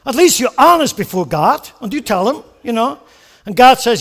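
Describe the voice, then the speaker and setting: High-voiced preacher giving a lively sermon. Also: male voice, normal speed. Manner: animated preaching with rhetorical questions and acted-out prayers. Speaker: pastor.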